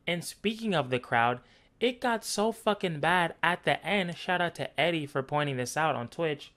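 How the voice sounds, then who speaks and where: A man's voice: a little high, animated, normal speed, fairly bright tone. A man ranting through a basketball game analysis, blunt, profane and sarcastic. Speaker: basketball commentary vlogger.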